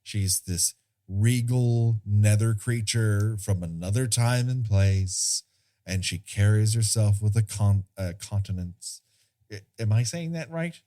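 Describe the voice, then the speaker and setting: Slow, low-voiced man rambling. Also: dark tone. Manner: rambling, searching for words, self-deprecating. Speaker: podcast co-host. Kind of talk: casual film discussion.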